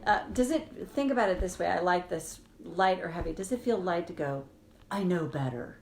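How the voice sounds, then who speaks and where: A woman's voice: fairly low pitch, animated, a little fast, vocal fry, a little hiss or hum. A woman coaching viewers in a casual, chatty impromptu live stream from her cousin's house, greeting them by name. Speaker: tapping coach. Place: cousin's house, gardeners outside.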